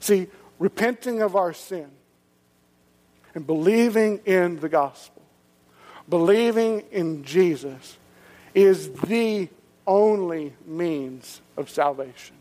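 A man preaching a sermon as pastor, animated and conversational, asking the listeners rhetorical questions. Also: sits high, takes it slowly, in a large hall.

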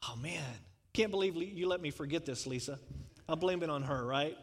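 A man's voice: on the high side, brisk, big-room sound. A man preaching a sermon in a conversational way, putting questions to the congregation and chuckling. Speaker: pastor.

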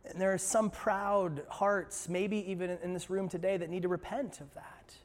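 A man pastor preaching a sermon in a church, moving between hushed passages and emphatic ones, with playful asides to the congregation. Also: high-pitched, steady tone, moderate pace, in a large hall. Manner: passionate, swings from hushed to emphatic. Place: church sanctuary.

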